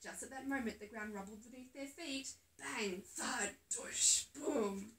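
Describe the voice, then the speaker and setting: A woman's voice: on the high side, a little slow, a bit bright, far from the mic. A woman reading a picture book aloud, playful, with giggly asides, filmed on a phone. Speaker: storybook reader. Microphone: phone at a distance. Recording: echoey room, phone held away.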